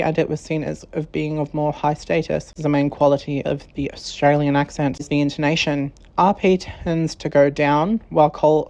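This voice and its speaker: Low, flat-voiced woman narrating. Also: poor audio. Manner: measured, reading quotations aloud. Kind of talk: scripted documentary narration.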